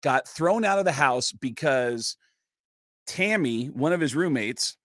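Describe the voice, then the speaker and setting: A man guest on a podcast, telling a story in a casual, lively way and jumping into voices. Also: mid-range voice, measured pace, no echo, studio quality. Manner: lively, acts out voices, lots of fillers. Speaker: comedian guest. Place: podcast studio.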